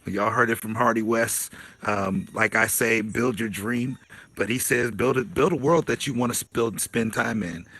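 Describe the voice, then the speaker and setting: A man's voice: mid-range voice, moderate pace, a bit bright, no echo. A man hosting a live virtual event, laid-back and laughing often. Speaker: host.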